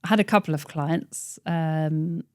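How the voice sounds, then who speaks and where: A woman's voice: sits low, unhurried, a little mellow, no room sound, clean studio sound. A woman in her forties who owns a tailoring business, talking casually and laughing often, acting out voices in her stories. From England. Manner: chatty, laughs often, acts out quoted voices. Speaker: podcast host and tailoring business owner. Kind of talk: casual interview chat. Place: office.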